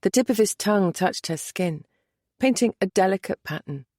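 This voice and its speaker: A woman narrating a romance audiobook in a soft, measured, intimate way. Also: mid-range voice, animated, no echo, clean studio sound.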